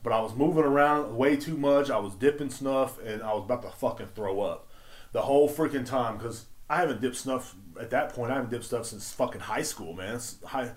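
A man with a mid-range voice speaks fairly quickly as host of his own podcast. He launches into a casual, profane rant, swearing heavily and breaking into emphatic outbursts.

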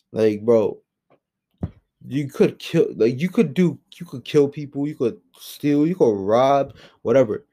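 A young man giving a heated, profane rant into a home microphone, swinging between loud outbursts and low muttering. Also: dry recording. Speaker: commentary host. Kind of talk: angry ranting commentary.

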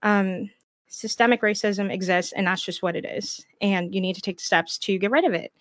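A woman's voice: medium pitch, fairly even intonation, moderate pace, no room sound, studio quality. A woman streamer speaking frankly and with passion in a casual panel discussion. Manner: impassioned, frank and blunt.

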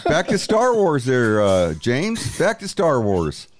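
A man's voice: on the high side, wildly swooping pitch, no room sound. A man in casual chat, quizzing the others in a teasing way and drawing out his reveals. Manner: teasing quizmaster, drawn-out dramatic reveals.

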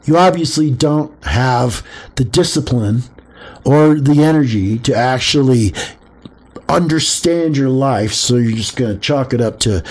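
A man's voice: mid-range voice, measured pace, darkish tone, breathy edge. A man hosting a podcast, talking casually about spirituality, acting out quoted voices and swearing freely. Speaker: podcast host.

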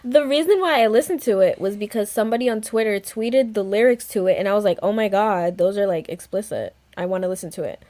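A woman chatting casually as a podcast co-host, teasing and quick to exclaim. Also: medium pitch, warm tone. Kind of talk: casual chat.

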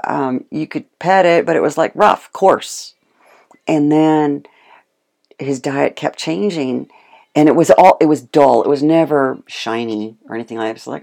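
Guest speaker: animated casual storyteller, mid-range pitch, frequent laughs. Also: unhurried, vocal fry. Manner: animated storytelling, acts out quotes; laughs often. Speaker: guest speaking on homemade dog food. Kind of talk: casual chat.

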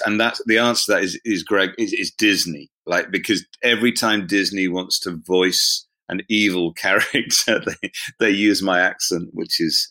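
A man's voice: sits low, fairly even intonation, normal speed, sharp tone. A middle-aged man with a southern English accent, a pastor chatting as an interview guest, self-deprecating and given to laughing. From southeast England. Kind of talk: casual interview chat. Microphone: remote call.

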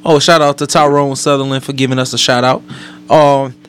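A man's voice: medium pitch, flat delivery, a little fast, smooth. A laid-back man hosting a casual radio talk show, laughing and asking his co-host questions.

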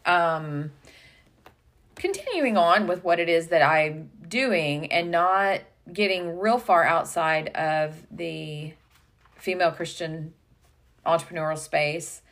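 A woman co-hosting a casual business podcast as a coach, thinking aloud with pauses and some stammering. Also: on the low side, expressive, fairly bright tone.

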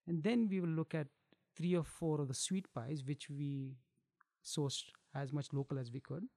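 Gravelly-voiced chatty man chef. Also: fairly high pitch, steady tone, normal speed, warm tone, no echo, clean studio sound. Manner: chatty, laughs often, restarts phrases. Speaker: chef and food business owner. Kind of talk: casual interview chat.

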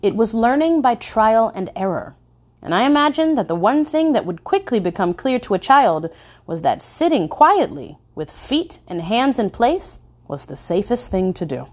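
Expressive woman narrating a memoir. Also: fairly high pitch, normal speed. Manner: expressive storytelling, stressing key words.

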